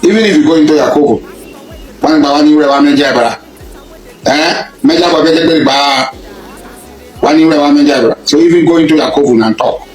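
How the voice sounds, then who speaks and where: A man's voice: on the high side, moderate pace, long pauses, faint music behind. Accusing Nigerian man, echoey room. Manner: accusing, repetitive, rising to shouts. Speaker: public speaker addressing a rival. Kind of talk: impassioned public speech.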